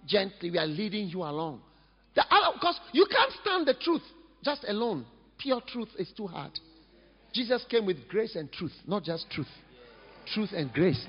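High, husky preacher. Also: male voice, normal speed. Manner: lively, humorous, emphatic preaching. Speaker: pastor. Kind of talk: sermon. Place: church. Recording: echoey hall, dull lo-fi sound.

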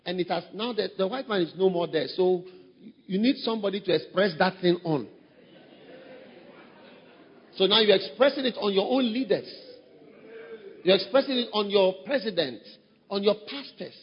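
A pastor preaching a sermon, breaking into high shouted mimicry of people he describes. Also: expressive, moderate pace, long pauses, in a large hall, lo-fi sound. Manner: acts out quoted voices, shouting high mimicry.

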